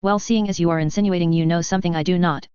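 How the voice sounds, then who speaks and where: A reader doing a wary middle-aged French tycoon in a storybook reading, clipped and indignant. The voice is very smooth and resonant, with a dull, lo-fi tone. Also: mid-range voice, steady tone, rapid-fire, a little mellow, no room sound, natural voice.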